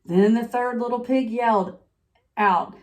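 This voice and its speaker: A woman's voice: on the high side, steady tone, unhurried, a little mellow, lightly acted. Self-pitying wolf telling his own side, as a woman reads it aloud; confiding, storybook read-aloud. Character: sniffly, self-pitying male wolf narrator. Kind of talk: picture-book read-aloud.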